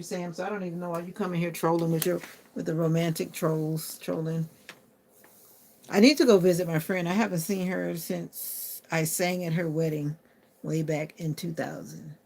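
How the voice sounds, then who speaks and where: A woman's voice: sits low, gravelly, a little mellow, slight background noise. A woman chatting casually on a live stream, answering viewer comments aloud and talking to her phone. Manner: talks to her phone assistant.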